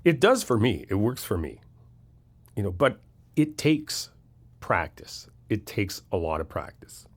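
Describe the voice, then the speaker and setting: A man's voice: fairly low pitch, very animated, unhurried. A man in a comfort audio role-play, talking as a best friend who gives casual, frank reassurance and swears freely.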